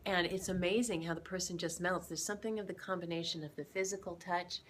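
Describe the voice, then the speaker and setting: A woman's voice: on the low side, fairly even intonation, quick pace, fairly bright tone, slight background noise. A woman co-hosting a relationship tip video, explaining in an upbeat, casual way with fillers and frequent laughs. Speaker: relationship coach co-host. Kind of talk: casual instructional chat. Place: indoors, home kitchen demonstration.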